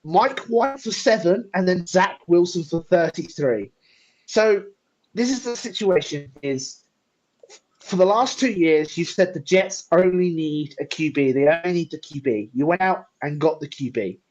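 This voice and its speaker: A man's voice: high-pitched, animated, measured pace, dull audio. A man co-hosting a casual live-stream sports talk show, laid-back, laughing often and walking through stats.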